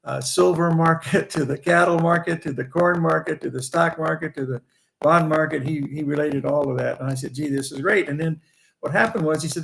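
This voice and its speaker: An older man in his eighties, originally from Indiana, recounts his early trading days in a loose, anecdotal way, often restarting phrases and chuckling as he goes. His voice is deeply gravelly and crackly, sitting a little high for a man. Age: 80s. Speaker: guest, veteran trader. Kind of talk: rambling anecdotal storytelling.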